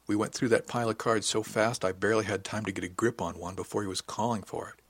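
A man narrating an audiobook in steady, matter-of-fact first-person storytelling. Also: fairly low pitch, fast, breathy edge, dry recording.

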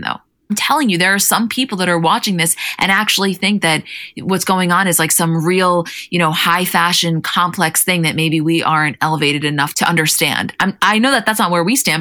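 Female podcast co-host, bright tone, casual animated chat. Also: fairly low pitch. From New Jersey. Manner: animated, chatty, quick asides.

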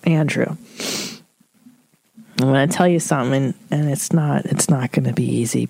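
A woman's voice: low voice, warm tone, no echo. A woman hosting an advice podcast, talking candidly and emotionally, swearing freely as she reads listener letters aloud. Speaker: podcast host. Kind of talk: casual advice podcast monologue.

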